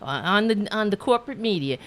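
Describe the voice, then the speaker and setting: A woman hosting a political commentary show, ranting angrily with cursing and halting restarts. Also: mid-range voice, animated, a bit bright. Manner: profane, heated, halting restarts. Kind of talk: angry political rant.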